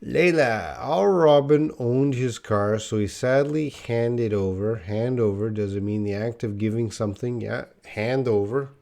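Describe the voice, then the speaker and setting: A man's voice: mid-range voice, measured pace, gravelly, hardly any pauses, darkish tone. A man teaching a live online English lesson, patiently explaining grammar and answering viewer questions.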